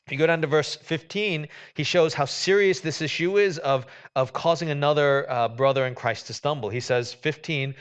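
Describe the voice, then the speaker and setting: A man's voice: on the high side, moderate pace, hardly any pauses. A man preaching a sermon in a conversational way, with many fillers and restarts. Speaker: pastor.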